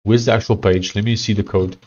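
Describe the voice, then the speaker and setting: A man's voice: fairly low pitch, steady tone, brisk, a little mellow, dull audio. Man chatting on a stream. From South Africa. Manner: thinks aloud, reads chat, trails off with fillers. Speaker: live-streaming software developer. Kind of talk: casual live-stream chat.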